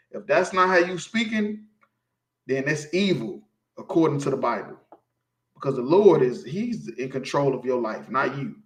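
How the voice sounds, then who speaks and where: A man's voice: mid-range voice, sing-song, normal speed, reverberant. A man giving an informal sermon, teaching scripture emphatically and asking his listeners again and again if they follow him. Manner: emphatic, preachy, keeps asking "you feel me". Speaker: street preacher teaching scripture.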